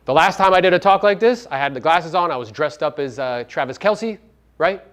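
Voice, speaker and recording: A man coaching a live audience at a seminar, brash and profane, firing rhetorical questions at the room and swinging between loud punches and low asides. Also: expressive, a little fast. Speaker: real estate coach and podcast host.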